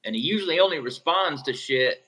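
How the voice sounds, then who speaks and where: A man's voice: fairly high pitch, lively intonation, brisk, bright, forceful tone, rough recording. A man co-hosting a live stream, talking in a laid-back, profane way. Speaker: co-host. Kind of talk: casual live-stream chat.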